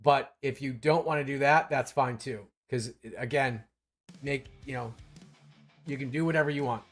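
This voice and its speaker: A man's voice: medium pitch, moderate pace, fairly bright tone, faint music behind. A man hosting a live stream in casual talk, rambling and restarting his sentences often. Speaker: streamer host.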